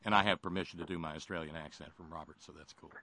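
A man co-hosting a casual chat, animated, joking and profane. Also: deep voice, very fast, no room sound. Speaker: podcast co-host.

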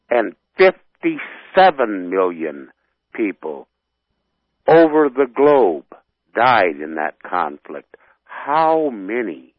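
A man from North Dakota calls in to a radio show over a thin, phone-like line. His low voice swings widely and moves slowly. He rants heatedly and often stalls to search for words. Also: no room sound. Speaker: radio caller. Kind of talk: phone-in rant.

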